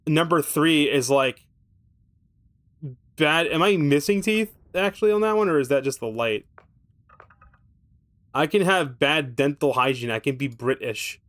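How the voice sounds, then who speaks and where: A man's voice: on the high side, a little slow, pauses often, a bit bright. A man streaming a game, thinking aloud with casual commentary that rambles, swears freely and slips in wry, self-mocking asides.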